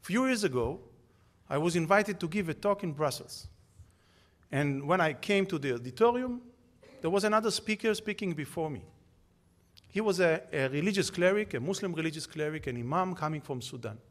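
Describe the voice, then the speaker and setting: A man with a notably high voice gives a prepared talk on a conference panel. He argues emphatically and keeps asking rhetorical questions. His delivery stays firm and lecturing throughout. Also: animated, fairly quick. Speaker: panel speaker.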